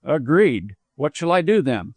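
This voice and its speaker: A man voicing a polite, proper young gentleman who speaks formally. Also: on the high side, sing-song, unhurried, dry recording, heavily acted. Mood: courteous. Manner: formal and courteous.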